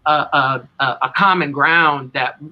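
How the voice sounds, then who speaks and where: A man's voice: a little high, a little slow, lo-fi sound. A middle-aged man with a New England accent, a tribute band singer telling a long, rambling story as an interview guest.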